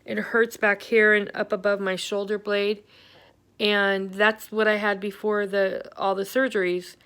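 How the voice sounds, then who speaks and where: A middle-aged woman talks straight to her camera in a personal vlog, rambling and candid, stopping often on fillers as she vents. Her voice is smooth and clear, at a middle pitch. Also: level tone, unhurried, fairly bright tone. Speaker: vlogger. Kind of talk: personal health update vlog.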